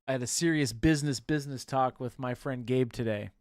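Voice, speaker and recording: A man's voice: mid-range voice, fairly quick, a little mellow, no echo, clean studio sound. A man co-hosting a casual livestream, chatting playfully, laughing often and slipping into silly voices. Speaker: livestream co-host.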